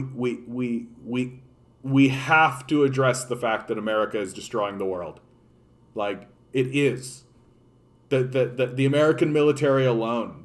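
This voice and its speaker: Stammering, impassioned Canadian man. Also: medium pitch. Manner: stammering repeats and constant "like" fillers; blunt and impassioned. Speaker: political commentator. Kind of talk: ranting political commentary.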